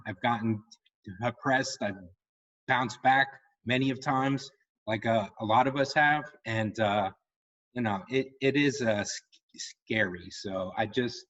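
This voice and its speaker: A man who stutters on repeated sounds and fills pauses with um and you know, sharing personal thoughts in a meeting. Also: medium pitch, a bit bright, lo-fi sound. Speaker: meeting participant.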